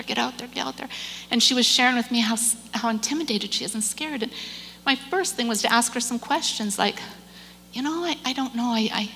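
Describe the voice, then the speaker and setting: A woman shares a story during a church message, lively and expressive, slipping into other people's voices as she retells it. Her voice sits a little high. The sound carries a long reverb from a large hall, with a faint hum underneath. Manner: animated storyteller, acts out quoted voices, repeats words. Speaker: speaker giving a church message. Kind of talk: sermon storytelling.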